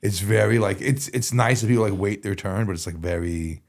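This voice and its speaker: A man's voice: fairly low pitch, a little fast, vocal fry, darkish tone. A man telling a story as a podcast guest, rambling casually with lots of "like" and self-corrections. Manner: rambling, full of "like" and restarts.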